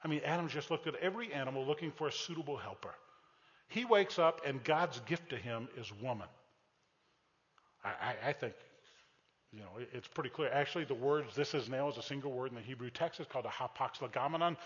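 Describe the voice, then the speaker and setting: A man preaching a sermon, telling a story with animated, shouted exclamations and dropping to a soft tone for heartfelt appeals. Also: mid-range voice, fairly quick, in a large hall, muffled recording. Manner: drops to a soft, intimate tone for appeals. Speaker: pastor.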